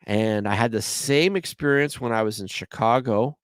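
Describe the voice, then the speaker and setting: A man's voice: mid-range voice, moderate pace, dry recording. A man with a Canadian accent hosting a podcast alone, telling stories in a chatty, rambling way. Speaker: podcast host. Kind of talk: solo podcast chat.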